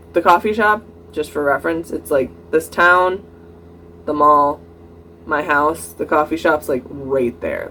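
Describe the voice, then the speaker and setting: A young adult vlogger telling a story in a casual storytime vlog, acting out both sides of the dialogue in animated bursts and leaning on "like" and "I'm like". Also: medium pitch, a little hiss or hum. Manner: frequent "like" and "I'm like" quotative fillers.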